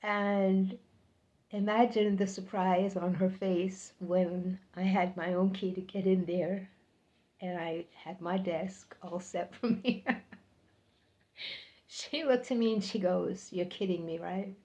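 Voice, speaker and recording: A woman's voice: mid-range voice, fairly even intonation, takes it slowly, a little mellow. An older woman telling a personal story to the camera, chatty and repeating words for emphasis. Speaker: vlogger.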